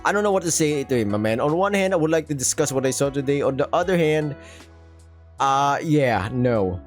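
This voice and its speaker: A man's voice: mid-range voice, brisk, faint music behind. A man playing a visual novel, reading it aloud and cracking crude jokes in casual commentary. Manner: joking, crude, animated. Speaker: gaming streamer.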